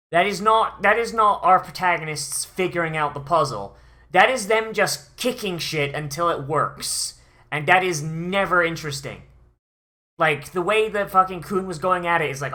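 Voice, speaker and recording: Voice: mid-range voice, bright, forceful tone. An anime reviewer ranting through a watch-along, swearing often and sighing in exasperation.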